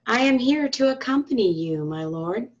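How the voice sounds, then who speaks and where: A woman voicing a stubborn, brave female crow in a storybook, speaking brightly and eagerly, on a dull lo-fi recording. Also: a little high, animated, moderate pace, pitched above the performer's own voice, natural voice. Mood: breathless.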